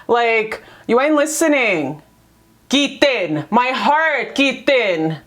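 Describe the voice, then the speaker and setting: A woman's voice: fairly high pitch, big pitch swings, slow pace, fairly bright tone. A woman giving a casual tarot reading to camera, slangy and profane, calling viewers baby and sis. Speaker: tarot card reader.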